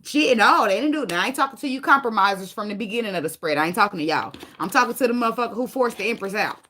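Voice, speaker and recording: A woman's voice: mid-range voice, expressive, rapid-fire, sharp tone. A woman giving a casual tarot reading, blunt and profane, laughing often and sliding into dramatic sarcasm. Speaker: tarot reader.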